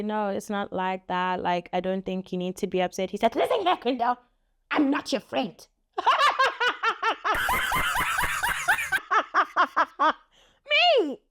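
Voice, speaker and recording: A young woman telling a story on her vlog in a lively, laughing way, acting out what people said. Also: sits high. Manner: animated, laughing, acts out quotes. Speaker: vlogger. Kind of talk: casual story time.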